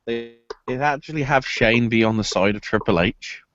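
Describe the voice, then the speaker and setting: A man hosting a casual wrestling podcast, swearing freely and bursting into loud mock cries. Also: mid-range voice, normal speed, faint music behind. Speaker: podcast host. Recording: dull dry lo-fi sound.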